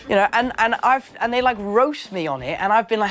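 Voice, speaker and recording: A man's voice: high voice, expressive, brisk, a bit bright. A young English man telling stories in a casual interview, playful, acting out quotes and laughing easily. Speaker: actor guest.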